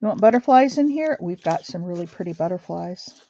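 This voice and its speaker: A woman's voice: on the low side, lively intonation, fairly quick, dark tone, highs cut off. A woman hosting a craft livestream, chatting casually with viewers and thinking aloud as she works. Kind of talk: casual chat while crafting.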